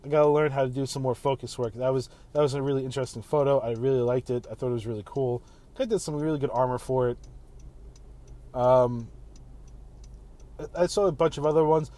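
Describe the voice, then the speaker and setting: A man's voice: mid-range voice, fairly even intonation, brisk, pauses often, dark tone, low-quality recording. A man in his thirties hosting a casual solo podcast while driving home, rambling in a laid-back way and swearing freely. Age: 30s. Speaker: podcast host.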